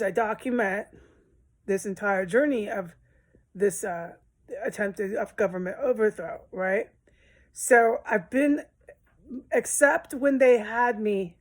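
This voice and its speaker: A woman vlogger speaking her mind in a long, rambling personal monologue. She talks directly to her viewers, emotional and blunt, swearing freely. Her voice sits at an ordinary middle pitch for a woman.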